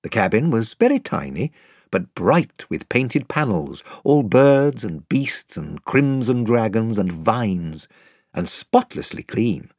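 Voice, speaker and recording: An older man reading a children's fantasy novel aloud in expressive storytelling narration. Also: lowish voice, slow, dry recording, clean studio sound. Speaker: audiobook narrator. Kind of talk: scripted narration. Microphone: close studio mic.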